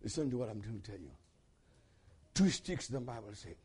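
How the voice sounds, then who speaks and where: A man preaching a sermon with passion, swinging from shouted peaks to hushed low passages and calling out questions to the congregation. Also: lively intonation, fairly quick, breathy edge.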